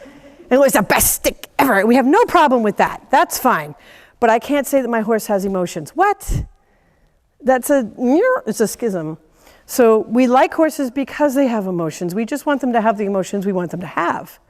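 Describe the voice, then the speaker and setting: A woman teaching a class of horse owners, animated, laughing often and acting out quoted voices. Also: a little high, moderate pace, big-room sound. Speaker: horse trainer giving a lecture. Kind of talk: lively teaching talk.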